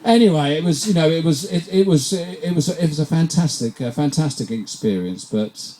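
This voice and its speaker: Rambling English man doing stand-up, mellow voice. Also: fairly high pitch, animated, moderate pace. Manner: rambling, self-deprecating, stumbles and repeats words often. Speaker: stand-up comedian. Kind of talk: stand-up set at a comedy night. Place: pub comedy night.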